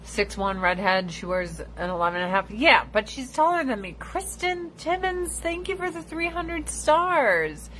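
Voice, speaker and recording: A woman hosting a casual livestream chat, telling blunt, profane stories and squealing high when she imitates other people. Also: big pitch swings, a little slow, hardly any pauses, background noise. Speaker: livestream host.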